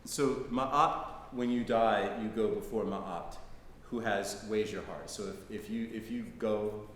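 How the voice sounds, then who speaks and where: Middle-aged male lecturer, conversational storyteller, lower voice, recorded in a reverberant hall. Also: unhurried. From United States. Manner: conversational, frequent "right?" tags. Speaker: guest lecturer. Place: lecture hall, live audience. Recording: echoey hall, faint noise.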